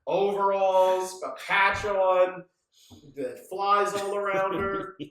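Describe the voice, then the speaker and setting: Podcast guy chatting, high bright voice, lots of swing, kinda echoey room. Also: slow pace. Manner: animated, acts out quotes in character voices. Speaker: podcast co-host. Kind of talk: casual chat. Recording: roomy echo.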